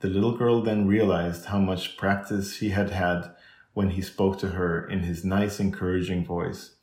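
A man with a deep voice reads a classic children's novel aloud in measured, even storytelling. The recording carries a roomy echo. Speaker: audiobook reader. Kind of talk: scripted narration.

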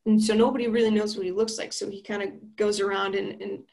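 A woman's voice: mid-range voice, little pitch movement, quick pace, gravelly, darkish tone. A young woman recapping a horror film in a chatty, slangy and playful way.

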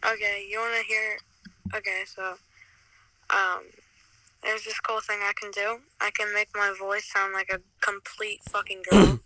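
A man's voice: high voice, little pitch movement, unhurried, pushed and bright, no room sound, low-quality recording. A teenage boy, a guest on a podcast, chatting casually with hesitant, rambling talk and many fillers. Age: teens. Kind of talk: casual chat.

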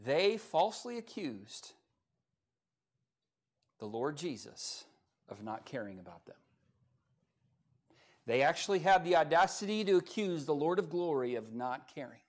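A man preaching as pastor at a church service, with folksy humor, swinging from quiet asides to loud, rising passages. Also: fairly high pitch, sing-song, a little slow, pauses often. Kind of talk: sermon.

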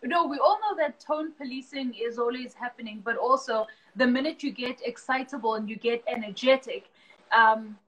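A woman's voice: a little high, moderate pace, fairly bright tone, slight background noise, low-quality recording. A woman hosting a conversational podcast, speaking earnestly and encouragingly as she reflects on her guest's words. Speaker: podcast host. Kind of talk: casual conversation.

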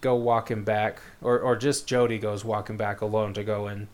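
A lowish, monotone male voice with a darkish tone talks at normal speed, casually retelling a book's plot. His manner is rambling and easygoing, with many fillers and voices quoted from the story.

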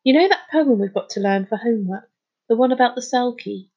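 A man's voice: extremely high pitch, highs cut off, pitched above the performer's own voice. A woman voicing an earnest schoolboy who stumbles over his words while confessing something strange, in a storybook reading. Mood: hesitant. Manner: hesitant, halting, pleading. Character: earnest boy who turns dolphin-like.

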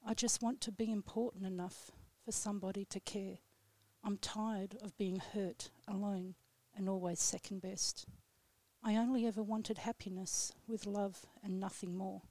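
A woman guest on a radio show reading her own poem aloud in a slow, solemn, measured way. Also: mid-range voice, fairly even intonation, mellow, no room sound. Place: radio studio.

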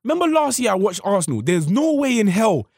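Very high, husky man, emphatic podcast rant, lively pitch. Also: brisk, dry recording, studio quality. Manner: emphatic, ranting. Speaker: podcast co-host. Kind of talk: casual chat.

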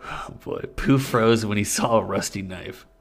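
A young man with a low, gravelly voice reads fan fiction aloud for a comedy podcast. He stumbles over the text and breaks into laughter often, speaking into a studio mic with a pop filter. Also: a little slow.

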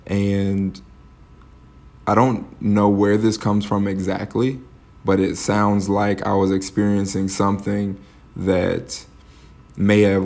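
A man hosting a solo podcast, reflecting aloud in a halting way, with many fillers and restarts. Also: on the low side, creaky, a little mellow. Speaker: podcast host.

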